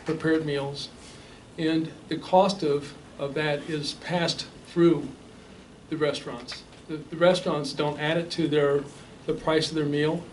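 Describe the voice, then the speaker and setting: A man speaking at a public debate, laying out figures in a measured way with frequent restarts. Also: fairly high pitch, level tone. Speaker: debate panelist. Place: realty office meeting room. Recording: distant mic with faint noise.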